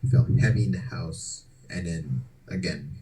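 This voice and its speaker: A man's voice: deep voice, moderate pace, mellow, low-quality recording. A man co-hosting a podcast, telling a story in a loose, slangy, profane way. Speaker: podcast co-host. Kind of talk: casual storytelling.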